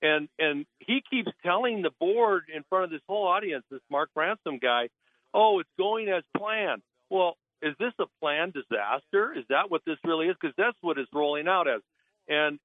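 Fired-up guy on a call-in show, fairly high voice, tinny phone sound, dead dry. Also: lively intonation, moderate pace, dry recording. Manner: indignant, blunt, mocks officials in put-on voices. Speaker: naturalist guest. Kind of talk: call-in radio talk. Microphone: phone line.

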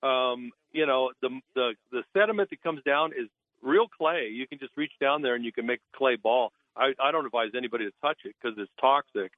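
This naturalist, calling a radio talk show by phone, has a medium-pitched voice and speaks a little fast in a dry recording. His manner is blunt and indignant, and he makes fun of officials in put-on voices.

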